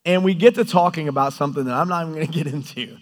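A man preaching a sermon, animated and storytelling, often acting out quoted lines. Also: on the high side, very fast. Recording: hall reverb.

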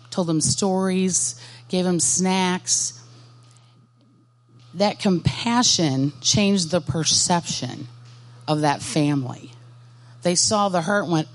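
Brief: woman, lowish voice, earnest and direct workshop speaker who questions the room. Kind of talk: Christian ministry workshop talk. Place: conference workshop session.

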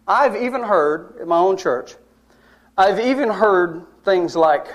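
A man's voice: high voice, animated, slow. A man preaching a sermon as a personal story, conversational and emphatic, with wry asides to his listeners.

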